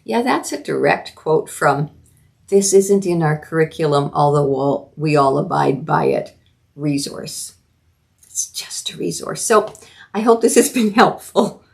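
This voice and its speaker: Middle-aged woman from Canada, solo podcast host, lowish voice, earnest and emphatic commentary with restarts. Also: lively intonation, a little slow, gravelly.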